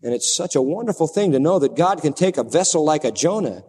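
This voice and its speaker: A man preaching a sermon in a dramatic, animated way that plays up the story for his listeners. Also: fairly high pitch, a little fast, slightly rough. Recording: long hall reverb.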